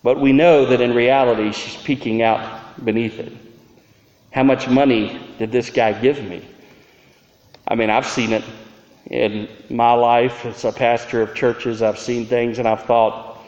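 Pastor preaching in an echoey hall. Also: male voice, mid-range voice, steady tone, unhurried, a little mellow. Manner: earnest, questioning, builds to rhetorical peaks. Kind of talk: sermon. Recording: roomy hall reverb, dull sound.

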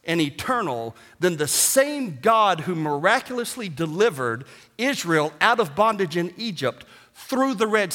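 A man preaching a sermon as pastor, animated and joking, swinging from hushed asides to shouts. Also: high-pitched. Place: church sanctuary. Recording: long hall reverb.

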